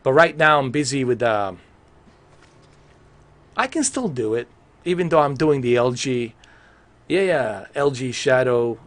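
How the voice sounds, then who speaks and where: Animated, swearing male game streamer. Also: mid-range voice, unhurried, pauses often. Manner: excitable, rambling, swears casually. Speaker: gaming live streamer. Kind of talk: casual live-stream commentary.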